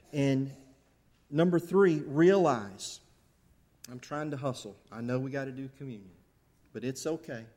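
A middle-aged man preaching a sermon, swinging between loud fervent bursts and soft intimate asides. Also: a little high. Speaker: pastor.

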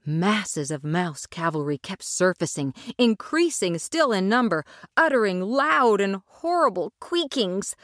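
Woman storyteller, expressive and dramatic, dry close sound, mid pitch. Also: unhurried, no echo. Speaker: narrator. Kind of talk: storybook reading.

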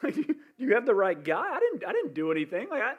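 A man voicing a flustered ancient king who protests his innocence in high, pleading tones. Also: huge pitch swings, a little fast, lo-fi sound, full character voice.

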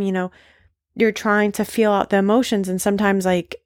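A woman's voice: medium pitch, flat delivery, normal speed, no room sound, clean studio sound. A woman hosting a casual solo podcast, talking candidly and emphatically with frequent swearing and lots of "like" fillers. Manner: emphatic, confessional. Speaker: podcast host.

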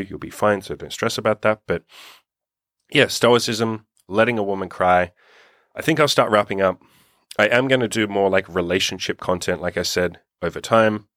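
A young man coaching on dating in a loose, unscripted monologue. He speaks bluntly, swears often and restarts his thoughts as he goes. His voice sits very low and sounds dry, with no room around it. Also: brisk, a bit bright, dry recording. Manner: blunt, swears freely, thinks aloud with restarts. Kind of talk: casual advice monologue.

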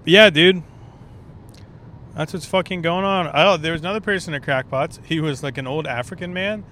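A man's voice: a little high, moderate pace, sharp tone, a little hiss or hum. A man who is a stand-up comedian talking casually and profanely in a rambling solo podcast monologue, recorded on the road. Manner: rambling, profane, laid-back.

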